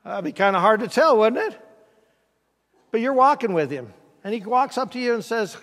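A man's voice: high voice, animated, normal speed, pauses often, a bit bright. A man preaching a conversational sermon as pastor, folksy and asking the congregation questions in a church sanctuary. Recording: reverberant church hall.

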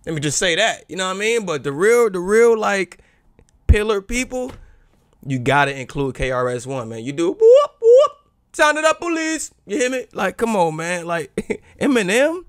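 A young adult man hosting a casual reaction video, slangy and animated, bursting into loud exclamations. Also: sits high, normal speed, clear, resonant tone, no room sound, clean studio sound.

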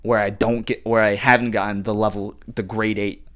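A young man talks into a podcast mic in a casual, profane solo rant. His voice sits on the low side, and he tags sentences with slang like "dog" and "bruh". He jumps between loud, animated bursts and quiet, mumbled asides. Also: moderate pace. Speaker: podcast host. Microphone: podcast microphone.

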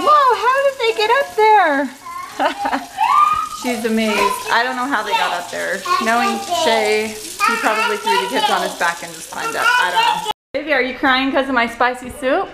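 A woman's voice: fairly high pitch, lively intonation, fairly quick, roomy sound, very noisy. A young woman vlogging casually at home, chatty and giggly, with lots of filler words. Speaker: family vlogger. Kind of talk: casual family vlog. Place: busy family home with children.

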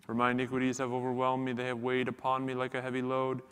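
Man chanting in a flat monotone. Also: mid-range voice, fast, clear, resonant tone. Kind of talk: liturgical chanting of prayers and psalms. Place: church. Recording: long church reverb.

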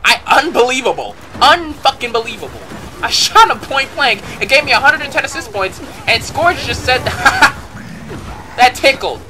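A high-voiced man talks over his own gameplay, his pitch jumping all over as he curses and yells in bursts. Clear game noise runs under his voice the whole time. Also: moderate pace. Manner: excitable and profane, bursting into shouts. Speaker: gameplay commentator. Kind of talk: live gameplay commentary.

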